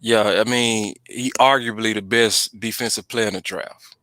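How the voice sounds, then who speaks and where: A man hosting a relaxed sports podcast, leaning hard on his points and repeating them to drive them home. His voice is bright and forceful, and the room is dry and close with no echo. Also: on the low side, normal speed. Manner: emphatic, repeats points for stress. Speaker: podcast host. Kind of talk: casual sports chat.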